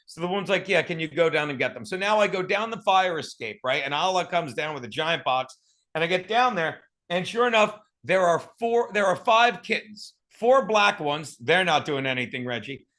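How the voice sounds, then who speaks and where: Bright, high-voiced man telling a rambling story. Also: lively intonation, moderate pace. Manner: rambling, joking, many fillers and restarts. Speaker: guest storyteller. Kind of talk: casual comedic storytelling.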